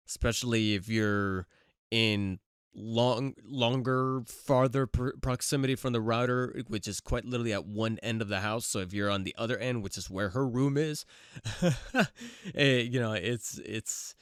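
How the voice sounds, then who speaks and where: A man talks casually on his podcast, rambling along with frequent fillers and restarted phrases. His voice is smooth and resonant at a middle pitch. The sound is dry and close, with no room around it. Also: measured pace, no echo. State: recovering from a cold. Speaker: podcast host. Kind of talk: casual solo podcast chat.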